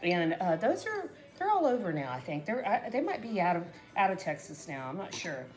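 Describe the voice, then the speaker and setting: A woman's voice: fairly low pitch, very animated, fairly quick. A middle-aged woman chatting casually to her viewers while making a salad, rambling and often trailing off mid-sentence. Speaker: cooking vlogger. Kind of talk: casual cooking chat to camera.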